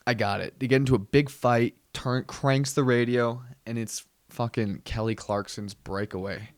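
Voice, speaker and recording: A man's voice: mid-range voice, fairly even intonation, normal speed, few pauses, no echo. A man hosting a comedy podcast, telling a rambling, profane story in a casual way. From Southern California. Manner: rambling, swears freely, acts out yelling and sings song snippets.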